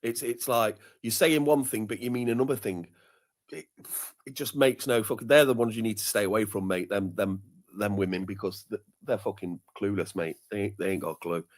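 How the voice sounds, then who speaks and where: A man's voice: lowish voice, a little fast. A man, ranting animatedly in a casual livestream chat, swearing often and repeating himself. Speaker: guest commentator. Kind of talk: heated casual rant on a livestream.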